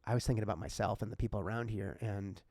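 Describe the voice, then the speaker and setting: Gravelly man telling an emotional story. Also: fairly low pitch, steady tone, fast talker, darkish tone, no room sound. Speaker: podcast host. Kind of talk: casual podcast chat.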